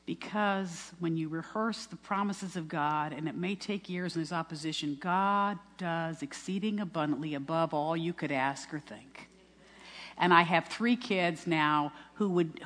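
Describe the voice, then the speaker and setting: An older woman in her sixties shares a heartfelt testimony in a fairly low voice, earnest and storytelling, often restarting her sentences. Her words ring out with the long reverb of a large church hall. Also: measured pace, fairly bright tone. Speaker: speaker giving a personal testimony.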